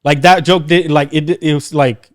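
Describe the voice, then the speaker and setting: A man's voice: fairly high pitch, steady tone, normal speed. A man co-hosting a casual podcast, talking bluntly and jokingly and acting out quotes. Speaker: podcast co-host.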